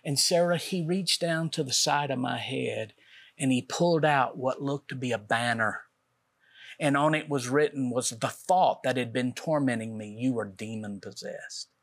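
A man tells the story of his own experience as a talk show guest. His telling is earnest, and he acts out the conversations he recounts. His voice sits at an ordinary middle pitch. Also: moderate pace. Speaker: guest author. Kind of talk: personal testimony on a talk show.

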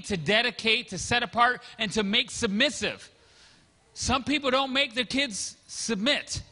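High-voiced preaching pastor in reverberant hall. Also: male voice, bright, forceful tone. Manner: storytelling, acts out quotes. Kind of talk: sermon.

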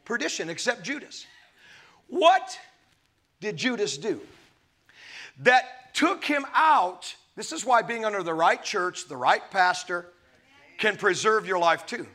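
A man preaching a sermon, with dramatic swings between loud and soft delivery, acting out the scripture quotes as he goes. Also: high-pitched, animated, takes it slowly, long pauses. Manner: laughs between points. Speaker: pastor.

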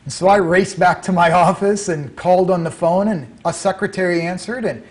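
This is a middle-aged man recounting a personal story in an interview. His voice sits a little high for a man. He tells it animatedly and slips into the voices of the people he quotes. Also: fairly even intonation, a little fast. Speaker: author and guest.

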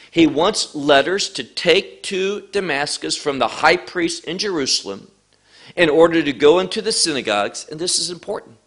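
A man's voice: a little high, a bit bright. A man preaching verse by verse through a Bible passage, leaning hard on key words and stretching them out. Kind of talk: expository Bible teaching.

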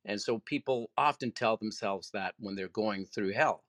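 A man joining a panel talk, telling a story in an earnest, animated way. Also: fairly low pitch, moderate pace, dry recording. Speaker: panel guest.

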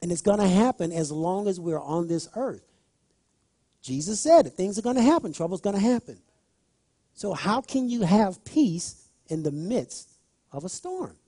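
Lively male preacher, high voice, talks straight to the congregation with loud emphatic bursts. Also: moderate pace, no room sound, clean studio sound. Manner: animated, repeats phrases, rises to loud emphatic bursts. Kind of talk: sermon.

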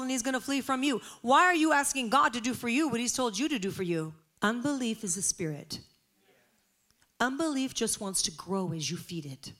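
Passionate woman preacher, fairly high voice. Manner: passionate, swings from hushed to emphatic. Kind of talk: sermon.

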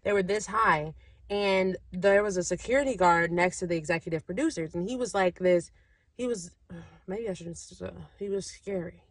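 Animated young woman telling a story. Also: mid-range voice, dry recording. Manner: lively, animated, acts out other people's lines. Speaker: vlogger. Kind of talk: casual storytelling to camera.

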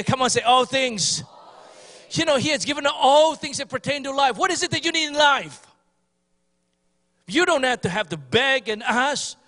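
A man with a high voice preaches a Sunday morning sermon with fervent energy. He repeats phrases for emphasis, often restarts his sentences, and calls out to the congregation to answer him. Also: sharp tone, big-room sound. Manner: fervent, repetitive, mimics pleading prayers. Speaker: pastor.

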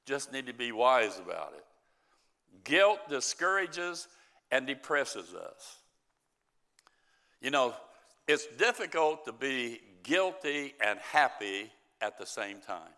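A middle-aged male pastor delivers a sermon at a deliberate, unhurried pace. His voice is bright and forceful, sits in a middle pitch, and leans hard on key words before falling away quietly. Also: very animated. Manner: slow, emphatic preaching with scripture reading and soft drops in volume.

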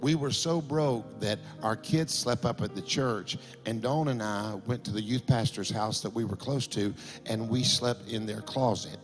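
A middle-aged man, a pastor telling a story in a sermon that builds to impassioned shouting. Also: mid-range voice, normal speed, few pauses, music in the background.

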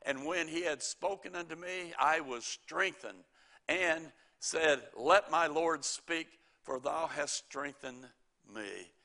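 A man's voice: on the high side, takes it slowly, sharp tone. A middle-aged man preaching a sermon, quoting scripture and telling folksy stories with chuckles.

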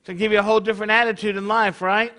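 Male congregation leader, high pitched and bright, preaching in a chatty way with frequent "right?" check-ins. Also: flat delivery, very fast. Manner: conversational, peppered with rhetorical questions. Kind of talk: sermon.

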